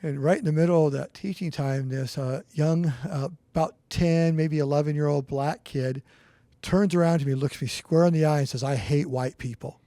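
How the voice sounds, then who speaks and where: A man's voice: fairly high pitch, steady tone, moderate pace, warm tone, no echo. A middle-aged man co-hosting a church podcast, telling a personal story in a rambling, earnest way with restarts. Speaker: podcast co-host. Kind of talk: casual storytelling chat.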